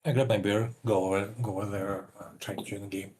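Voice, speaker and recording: A man's voice: fairly low pitch, flat delivery, quick pace, darkish tone, slight background noise. A man playing a tabletop game, speaking briefly and matter-of-factly. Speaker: player. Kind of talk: casual tabletop play.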